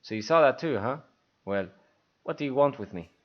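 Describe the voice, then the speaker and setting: A man's voice: medium pitch, animated, a little fast, dull audio, natural voice. A man voicing a guarded former chief consul in a game, reading his lines in a dry, wary way.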